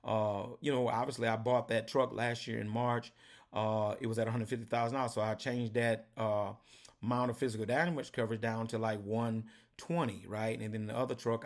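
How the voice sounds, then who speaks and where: A man talks through his trucking business costs in a casual vlog. His manner is folksy and direct, and he keeps checking in with his viewers. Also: medium pitch. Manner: folksy, repeats "right?" and "did you get that?".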